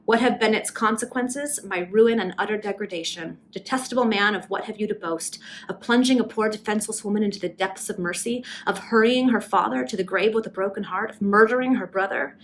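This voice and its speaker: Bitter, vengeful young woman in a Victorian tale, read aloud by a woman, hoarse with rage and scathing in every word. She speaks with imperious scorn at a middling pitch, with faint hiss behind. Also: brisk, few pauses, natural voice, low-quality recording. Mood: accusing rage. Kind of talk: amateur reading of a Victorian novel.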